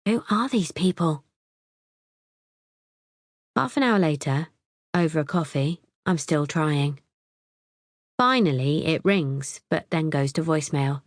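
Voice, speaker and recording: A woman's voice: low voice, lively intonation, slow, pauses often, dry recording, studio quality. A woman narrating a psychological thriller audiobook in the first person, wry and tense.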